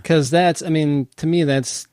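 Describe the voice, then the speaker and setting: A man's voice: fairly high pitch, fairly even intonation, unhurried, darkish tone, smooth, no echo, clean studio sound. A man co-hosting a podcast, chatting casually and enthusiastically about music, rambling and correcting himself as he goes. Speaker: podcast co-host.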